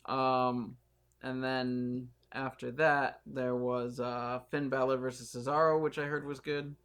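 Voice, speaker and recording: A man's voice: medium pitch, level tone, measured pace, fairly bright tone, clear, resonant tone. A man co-hosting a podcast in laid-back casual chat, now and then doing mocking impressions. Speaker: podcast co-host.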